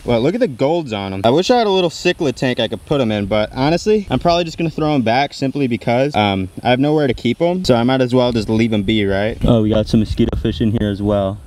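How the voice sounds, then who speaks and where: A man narrating his fishing trip to viewers in a casual, chatty way, jumpy and quick to react. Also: mid-range voice, expressive, darkish tone, slight background noise. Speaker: fishing vlogger. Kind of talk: casual outdoor vlog narration. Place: outdoors by an overgrown canal.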